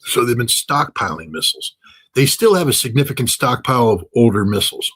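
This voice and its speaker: A man's voice: medium pitch, brisk, fairly bright tone, husky. A man speaking as a guest analyst in an interview, blunt and sarcastic and often joking. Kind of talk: animated interview commentary.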